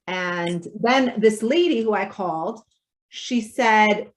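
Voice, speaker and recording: A woman's voice: medium pitch, moderate pace. A woman, a real estate agent, telling a chatty story of a sales call on a video call, quoting both sides as she goes.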